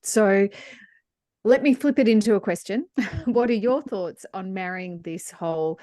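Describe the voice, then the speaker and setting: A woman's voice: mid-range voice, a little slow, no room sound, clean studio sound. A woman, co-hosting a podcast and thinking aloud as she builds up to a question. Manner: warm, musing, thinking aloud. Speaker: podcast co-host. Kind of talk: casual interview talk.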